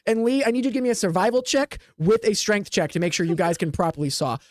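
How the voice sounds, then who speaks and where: A man's voice: high voice, fast, dry recording, studio quality. A man narrating as game master of a tabletop game, rambling with many restarts.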